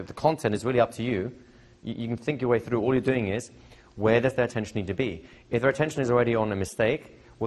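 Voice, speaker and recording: A middle-aged man teaching hypnosis to a live seminar audience, chatty and repetitive, often checking in with questions. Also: on the low side. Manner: conversational, repeats phrases, asks the audience questions. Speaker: hypnosis trainer.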